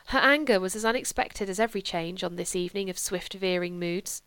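Brief: calm female audiobook narrator, measured literary reading, smooth tone, dry booth sound. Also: mid-range voice, no room sound.

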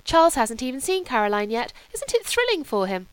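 A gushing, excitable young society wife who speaks in breathless exclamations, voiced by a woman narrating a novel. Her voice sits high and bright. It stays smooth and close in a dry recording. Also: brisk, no echo.

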